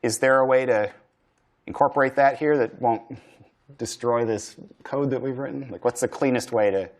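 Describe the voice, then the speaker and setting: A man's voice: medium pitch, steady tone, normal speed. Man, programming lecturer, mid-range voice, thinking aloud, casual, lots of fillers. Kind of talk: live-coding lecture.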